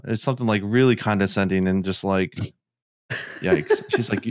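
A man's voice: lowish voice, a little fast, no room sound, studio quality. A middle-aged man co-hosting a podcast, chatting casually and rambling with lots of filler words. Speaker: podcast co-host.

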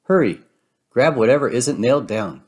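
A man's voice: medium pitch, animated, moderate pace, close to an everyday voice. A man voicing a sweet, cheerful female cartoon mouse in a storybook read-aloud, upbeat and encouraging.

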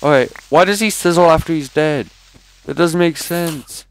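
A man with a fairly high voice talks at normal speed, with a little hiss or hum in the background. Playing a video game live, this gaming commentator gives rambling, chatty let's-play commentary punctuated by jumpy exclamations.

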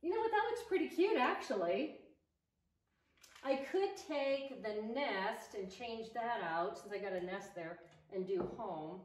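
A woman's voice: fairly high pitch, lively intonation, a little slow. Chatty woman decorating in an echoey room. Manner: enthusiastic, thinks aloud while arranging decor. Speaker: home decor DIY vlogger. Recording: roomy echo, distant mic, faint noise.

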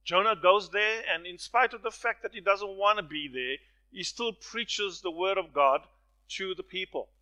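A man preaching a sermon, swinging from hushed lines to loud, stirring ones and acting out the voices in his stories. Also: sits high, normal speed, low-quality recording. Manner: dramatic swings from soft to loud; storytelling with acted voices.

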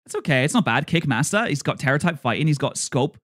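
A man streaming, reacting to a video with animated, joking commentary. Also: fairly high pitch. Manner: animated, joking, rapid asides. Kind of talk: casual live-stream commentary.

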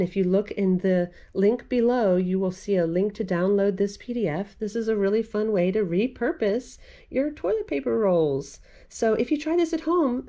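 Woman, children's storytime host, picture-book read-aloud, slow and unhurried, mellow tone. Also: mid-range voice. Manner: animated, sing-song, speaking warmly to children. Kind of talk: reading picture books aloud to young children.

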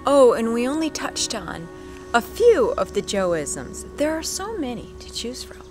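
A wife narrating a playful home tribute video. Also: female voice, a little high, sing-song, measured pace, over music.

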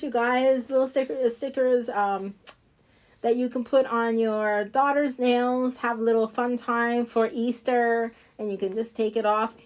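A woman with a New Jersey accent chatting casually to viewers as she shows off nail products, rambling and laughing easily. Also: a little high. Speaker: independent nail product seller. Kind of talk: casual live product showcase.

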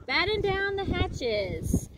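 A swaggering pirate captain with a booming, drawn-out way of talking, as a woman reading a storybook puts him on. The voice climbs high and swings widely, and it comes across as a noisy outdoor recording by a lakefront. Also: very animated. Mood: commanding.

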